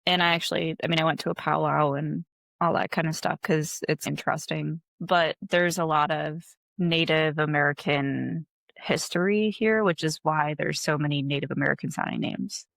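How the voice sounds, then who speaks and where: A woman's voice: low-pitched, fairly even intonation, normal speed, vocal fry, fairly bright tone, no room sound. Chatty Wisconsin woman, dry mic. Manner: chatty, laid-back, frequent "like" fillers. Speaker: guest. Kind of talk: casual interview chat.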